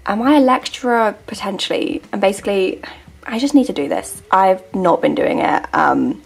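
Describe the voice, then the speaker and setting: A woman's voice: medium pitch, moderate pace, vocal fry, roomy sound, poor audio. A woman in her twenties talking to camera in a casual vlog. She rants in exasperation, often restarting sentences and trailing off. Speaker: vlogger.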